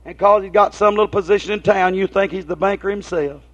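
A man's voice: high-pitched, quick pace, fairly bright tone. A man preaching a folksy sermon, telling homespun stories and asking his listeners rhetorical questions. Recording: dull lo-fi recording.

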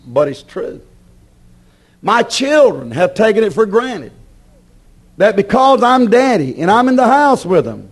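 Preacher guy, high voice jumping all over, gets loud then drops real quiet, plays back what the crowd would say. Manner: impassioned, swings between shouting and hushed; voices imagined objections from the congregation. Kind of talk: sermon.

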